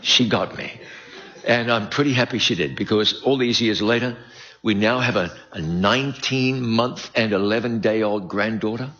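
An older man from New Zealand with a softened New Zealand accent, preaching at a prophecy seminar with folksy, self-deprecating humor. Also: on the low side, normal speed, lo-fi sound. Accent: New Zealand, softened by decades in America.

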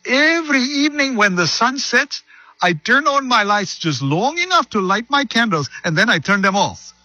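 A man voicing a wealthy, frugal lady in a slow, high, sing-song falsetto. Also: very animated, sharp tone, no room sound, highs cut off, full character voice. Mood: prim.

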